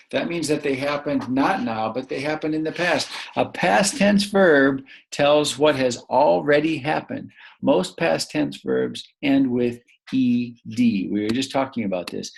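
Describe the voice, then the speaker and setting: Slow gravelly man teaching grammar. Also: medium pitch. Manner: slow, patient, prompting pauses and answers. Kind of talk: recorded grammar lesson for young children.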